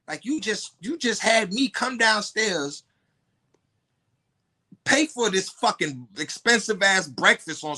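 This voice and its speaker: A man tells a story as a podcast guest, blunt and full of curses. His voice sits somewhat high and sounds bright and forceful, and it keeps spiking into sharp outbursts. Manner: animated, profane, blunt storytelling with rising outbursts.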